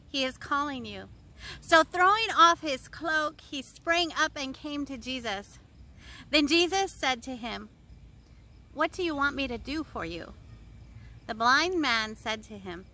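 Bright, high-voiced woman praying. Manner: slow, prayerful and earnest, with repeated refrains. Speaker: pastor. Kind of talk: scripture reading and spoken prayer.

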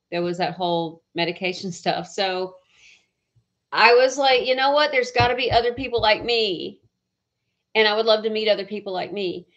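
Woman hosting her live stream, chatty, mid-pitched, muffled lo-fi sound. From southern United States. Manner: chatty, greets viewers by name with bright bursts. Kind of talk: casual live stream chat. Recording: dull lo-fi stream audio.

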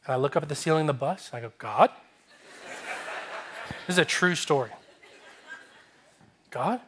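A male pastor telling a story in a sermon, animated and humorous, acting out the dialogue. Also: on the high side, racing, slight background noise.

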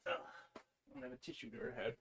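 Live-streaming a video game at home, a man talks fast in a fairly bright voice. His chat is casual, giggly and rambling, and he tells stories animatedly.

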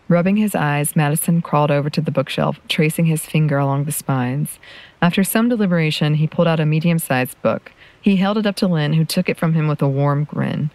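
A woman narrating a piece of fiction in a steady, measured storytelling voice. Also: low voice, no echo, low-quality recording. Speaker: podcast host reading fiction. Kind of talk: audiobook narration.

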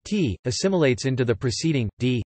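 Male text-to-speech narrator, mid pitch, flat machine reading of reference text, bone-dry close sound. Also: a little fast, dry recording. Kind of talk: synthetic encyclopedia narration. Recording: dry, close synthetic audio.

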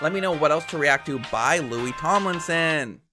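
A man hosting a reaction video, talking in a gushing, excitable and emotional way. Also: a little high, normal speed. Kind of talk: casual reaction commentary. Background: faint music.

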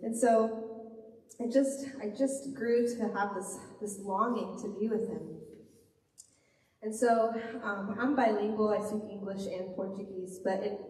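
A young woman pastor preaches with earnest, heartfelt repetition, her voice mellow and warm. She is picked up from across a large, echoey church hall with a long reverb tail and a faint room hum underneath. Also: medium pitch, fairly even intonation, measured pace, recorded from a distance. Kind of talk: sermon. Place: church sanctuary.

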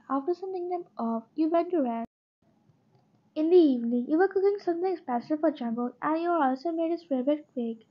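Woman narrator reading fan fiction in a steady tone; high voice, dull lo-fi recording. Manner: plain, steady reading in second person.

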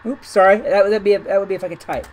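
A woman's voice: mid-range voice, fairly even intonation, very fast, a little mellow, a little hiss or hum, poor audio. A woman making a chatty gaming video, talking in an incredulous, rambling way and often repeating her words. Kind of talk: chatty commentary over gameplay.

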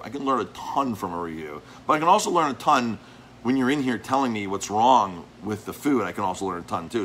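A man, a restaurant owner and chef, talking casually and telling animated stories about difficult customers, often repeating words and acting out the arguments. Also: on the low side, a little hiss or hum. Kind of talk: casual vlog monologue. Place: his restaurant.

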